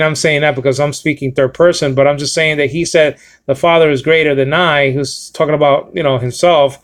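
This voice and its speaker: A man teaching a Bible lesson, walking through Greek words on screen, emphatic and repetitive with frequent "okay?" check-ins. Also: a little high.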